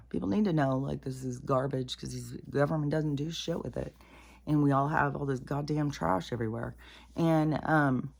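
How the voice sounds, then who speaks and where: A woman ranting casually to camera, exasperated and profane, swinging from muttered asides to loud outbursts. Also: rumbling low, vocal fry. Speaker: commentator.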